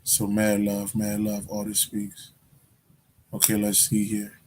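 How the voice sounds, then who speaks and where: A man's voice: on the low side, monotone, slow pace, a little mellow, slight background noise. A man hosting a casual livestream, answering viewer questions in loose, profane street slang, repeating phrases as he goes. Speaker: spiritual livestream host.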